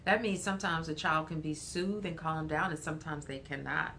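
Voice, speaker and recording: Woman counselor on a livestream, animated and storytelling, bright tone, faint hiss behind. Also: deep voice, brisk. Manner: animated storytelling with laughs and repeated phrases. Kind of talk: livestream talk.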